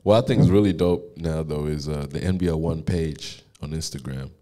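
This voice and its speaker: A man's voice: very deep voice, moderate pace, mellow. A man co-hosting a podcast in casual chat, teasing his guests and laughing often. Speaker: podcast co-host.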